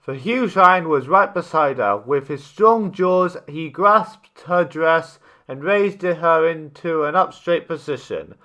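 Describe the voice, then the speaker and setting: A man reading a children's story aloud, steady with small slips and restarts. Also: fairly high pitch.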